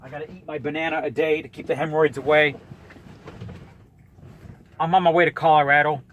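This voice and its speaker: A man's voice: fairly high pitch, little pitch movement, brisk, a bit bright, slight background noise. A man in his thirties ranting in a vlog, blunt, combative and profane as he calls out a rival. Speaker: YouTuber calling out a rival.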